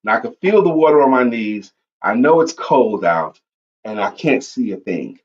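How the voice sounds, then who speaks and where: A man co-hosting a streamed talk show and telling a personal story with lively energy. He acts out moments as he goes, at one point shouting for help. His pitch sits in the middle range, and the stream audio is a little muffled and lo-fi. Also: moderate pace. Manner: animated storyteller, acts out yelling. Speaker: podcast co-host. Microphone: online stream setup.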